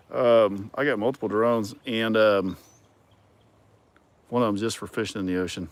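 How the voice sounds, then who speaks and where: Lowish-voiced man rambling on a livestream. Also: a little slow, pauses often, no echo. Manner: rambling, many ums and restarts; dry sarcasm. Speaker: livestream host answering viewer comments. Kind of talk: casual chat.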